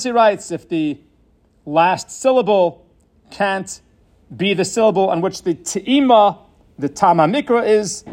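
A man giving a Torah lecture on Hebrew grammar, explaining in a measured way and mixing in Hebrew terms. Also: high voice, a little mellow. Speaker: Torah teacher.

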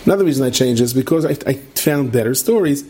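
A man's voice: medium pitch, quick pace, husky. A middle-aged man, teaching a Torah class and telling stories while asking his listeners questions. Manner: animated storyteller, asks listeners questions.

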